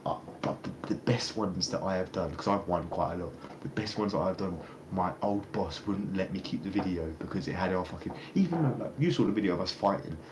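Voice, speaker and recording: A young man rambling in a casual street interview, swearing a lot and restarting his sentences. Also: deep voice. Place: outdoors on a street. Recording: noisy street ambience.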